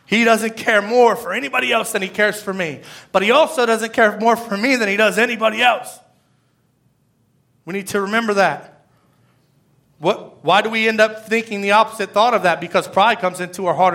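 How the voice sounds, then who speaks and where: A man's voice: high-pitched, vocal fry, sharp tone. A middle-aged man preaching an earnest, emotional sermon with scripture readings. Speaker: pastor.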